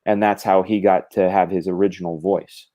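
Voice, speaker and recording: A man's voice: sits low, flat delivery, moderate pace, highs cut off. A middle-aged man in casual conversation, animatedly explaining drawing craft with gestures and quoted thoughts. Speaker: comic book artist guest.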